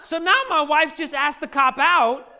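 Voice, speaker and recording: A man in his thirties telling a funny family story to a live audience, lively and joking, often laughing at his own lines. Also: very high voice, unhurried, noisy background. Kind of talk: animated anecdote to a live audience.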